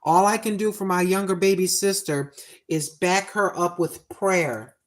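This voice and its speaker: A woman's voice: lowish voice, fairly even intonation. Folksy chatty woman in her sixties. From United States. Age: 60s. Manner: folksy and chatty, drawn-out emphatic repeats. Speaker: cooking livestream host. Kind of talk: casual livestream chat.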